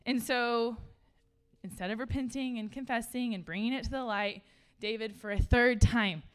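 A woman giving a casual, conversational sermon to a room of listeners. She is chatty and animated, laughs often, and says "like" a lot. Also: a little high, moderate pace, clean tone. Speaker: speaker at a church gathering.

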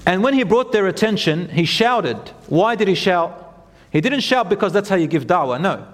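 A man preaching an animated storytelling sermon, acting out quotes and chanting scripture. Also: high-pitched, normal speed. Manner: animated, acts out quotes, chants Quran verses. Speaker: Islamic preacher. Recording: long hall reverb.

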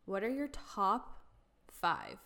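A young woman in casual chat, bubbly and quick to laugh, acting out lines she quotes. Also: medium pitch, huge pitch swings, creaky, bright, forceful tone.

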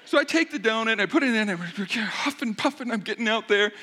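Middle-aged male pastor, slightly high voice, very expressive, self-mocking storyteller in a sermon. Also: fast. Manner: animated, self-mocking, joking with the congregation.

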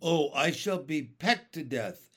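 A man voicing a fearful, whining blind male earthworm in a storybook, complaining loudly. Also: on the high side, animated, takes it slowly, slightly rough, heavily acted. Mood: despairing. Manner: whiny and complaining.

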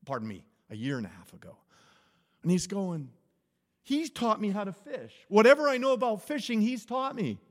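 A man, a pastor, telling a humorous personal story in an animated sermon. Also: high-pitched, normal speed. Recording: echoey hall.

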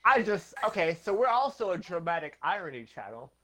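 A man's voice: high voice, big pitch swings, brisk, sharp tone, a little hiss or hum. A young man hosting a casual comedy podcast, joking and often laughing. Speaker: podcast host.

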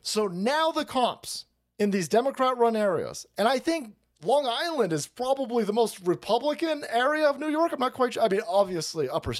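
Extremely high-pitched and very animated, a man from California rants about politics on a livestream at a normal speed. He curses a lot, laughing and ridiculing throughout.

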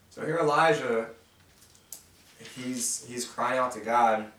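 A man's voice: medium pitch, slow, long pauses, a bit bright. A man leading a casual Bible study. He talks loosely and conversationally, reads scripture aloud, then stops to ask the group questions. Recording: roomy and distant from the mic.

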